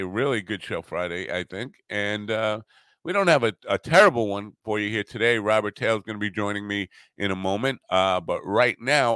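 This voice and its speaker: A middle-aged man hosting a talk radio show, chatting casually and rambling, halting often with fillers and self-deprecating asides. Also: on the low side, fairly bright tone, no echo, studio quality.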